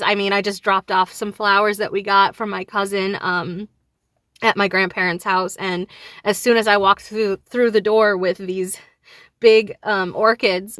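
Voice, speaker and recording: Young woman vlogger, bright tense voice, dry close sound, grieving and furious, near tears. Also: mid-range voice, no echo. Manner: grieving and enraged, voice rising and falling. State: on the verge of tears. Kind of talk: emotional direct-to-camera talk.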